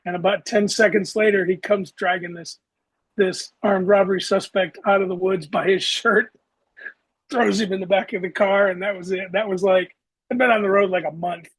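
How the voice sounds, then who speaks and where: Husky high-voiced man telling stories. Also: steady tone, normal speed, dry recording, rough recording. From Southeastern United States. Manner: matter-of-fact, vivid storyteller. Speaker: guest, former traffic police officer. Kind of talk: interview storytelling.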